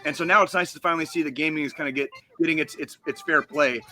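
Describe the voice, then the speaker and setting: Profane, heated podcast host, bright voice. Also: male voice, a little high, steady tone, fast talker, faint music behind. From United States. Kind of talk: casual podcast chat.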